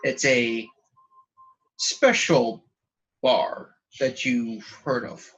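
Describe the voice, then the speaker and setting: A man's voice: mid-range voice, drawn-out words, a bit bright, dull audio. A man running a tabletop game as game master, narrating in a casual, rambling way.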